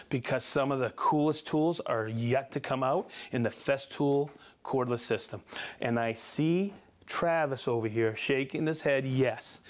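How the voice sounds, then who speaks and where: Excitable man hosting a live stream. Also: mid-range voice. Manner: excitable, bursts into shouts of joy; chatty, reads viewer shout-outs. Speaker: host of a live tool demo stream. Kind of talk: casual live-stream presenting.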